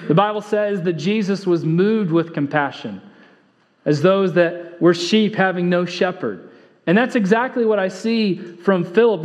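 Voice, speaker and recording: A man's voice: high-pitched, a little mellow. A male pastor preaching a sermon, earnest, repeating key phrases for emphasis and telling stories in a conversational way. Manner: conversational storytelling with fillers. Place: church sanctuary. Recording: long hall reverb, dull lo-fi sound.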